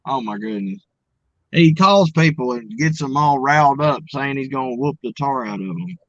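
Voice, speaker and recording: A man with an Arkansas drawl speaks as an interview guest, folksy and given to restarts. His mid-pitched voice comes through dull, lo-fi audio that sounds dry, with no room around it. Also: animated, normal speed, a bit bright, no echo. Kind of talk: casual interview chat.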